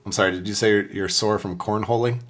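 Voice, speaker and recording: A man with a low voice co-hosts a casual podcast and needles his partner with dry, teasing questions. Faint clicks sit in the background of the recording. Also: steady tone, quick pace, background noise. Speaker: podcast co-host. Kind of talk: casual chat.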